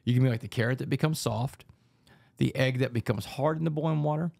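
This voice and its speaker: A man tells his story as a podcast guest, animated and fast-paced. His speech is rapid and energetic, and he keeps slipping in "man". The recording is dry and close, with no room sound. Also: medium pitch, vocal fry, no echo. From Texas, United States. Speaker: podcast guest, author and speaker. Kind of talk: storytelling in a casual podcast interview.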